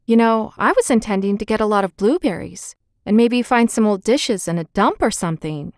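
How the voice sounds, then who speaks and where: A woman voicing a capable, caring older girl who talks briskly and soothingly in a storybook reading. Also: medium pitch, expressive, dry recording, studio quality, close to an everyday voice. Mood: gentle.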